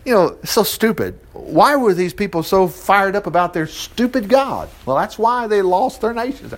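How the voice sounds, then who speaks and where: A middle-aged man preaching, reading a Bible story aloud and breaking off with chuckling, animated commentary. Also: high voice, moderate pace. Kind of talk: Bible reading with lively asides.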